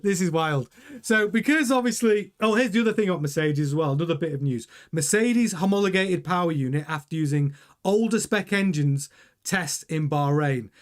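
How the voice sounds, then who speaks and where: A man hosting a casual motorsport news commentary, animated and jokey, often laughing. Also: fairly high pitch, normal speed. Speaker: news host.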